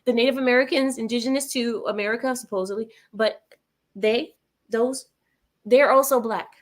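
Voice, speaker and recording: A woman's voice: fairly high pitch, steady tone, moderate pace. Sarcastic woman hosting a livestream. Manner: sarcastic, laughing, talks to chat viewers. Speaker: livestream host reading chat. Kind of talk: casual livestream commentary.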